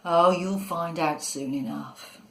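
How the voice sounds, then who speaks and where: A woman voicing a nasty, grinning chicken pox monster with a low growl in a storybook reading. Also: takes it slowly, a bit bright, echoey room. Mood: sly.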